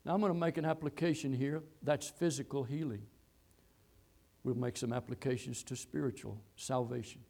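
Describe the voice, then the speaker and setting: A man preaching a sermon, quoting scripture and repeating phrases, swinging between loud, high exhortation and low, quiet telling. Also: fairly even intonation, moderate pace, gravelly. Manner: reads and quotes scripture verses.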